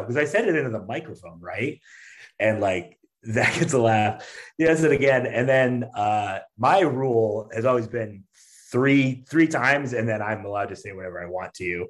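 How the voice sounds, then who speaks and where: In a casual conversation, a man who is a stand-up comedian guest tells a story in a fairly low voice at a normal pace. His telling is animated and packed with fillers and restarts, and he laughs a lot and acts out others' quotes.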